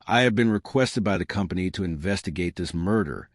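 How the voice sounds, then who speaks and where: A man voicing a fastidious middle-aged detective who questions in a dry, formal way. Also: low-pitched, no echo, lightly acted.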